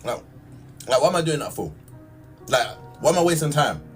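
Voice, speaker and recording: A man's voice: on the high side, expressive, brisk, distant mic, faint music behind. A young man ranting to camera in an exasperated, heated way, full of slang. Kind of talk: ranting vlog.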